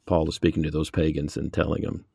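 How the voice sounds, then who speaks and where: A very deep, dark-toned man interviews his guest in a calm, measured way. His voice is gravelly and a little husky, and the sound is dry and close. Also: dry recording. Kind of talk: interview questions and reading aloud.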